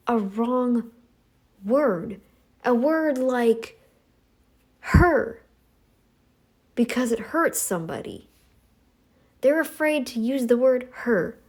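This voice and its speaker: A woman's voice: expressive, slow, long pauses. A middle-aged woman hosting a commentary channel, talking in a sassy, scolding monologue aimed at her critics. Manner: sassy, scolding, mocks others in high voices.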